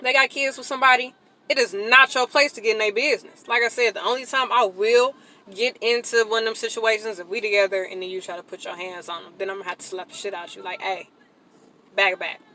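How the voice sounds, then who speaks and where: Blunt, profane woman venting with sharp bursts. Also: a little high, fairly even intonation, fast talker, rough recording. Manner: swings to loud outbursts. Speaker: vlogger. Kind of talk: casual venting monologue.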